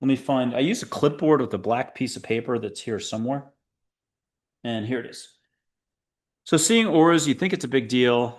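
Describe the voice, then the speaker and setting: A man's voice: medium pitch, moderate pace, long pauses. A man from the United States hosting a spiritual talk show, speaking casually to the camera in a rambling, digressive way with playful asides and dad jokes. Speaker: show host.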